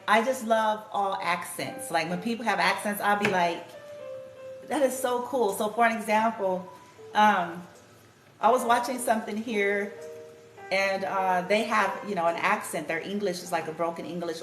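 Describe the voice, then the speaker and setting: A woman giving a casual, chatty spiritual tarot reading, laughing often and swearing casually. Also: mid-range voice. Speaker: tarot card reader. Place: room at home with music playing. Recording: echoey room with music playing.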